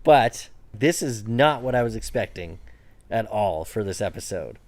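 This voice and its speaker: A man's voice: on the low side, animated, unhurried, darkish tone. A man co-hosting a podcast in easygoing casual chat, often agreeing and recapping. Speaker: podcast co-host.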